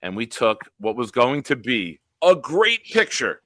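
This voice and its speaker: Profane storytelling man, bright forceful voice. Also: medium pitch, a little slow, dry recording. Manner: profane, animated anecdote-telling with quoted dialogue. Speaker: show host. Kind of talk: casual storytelling on a sports talk show.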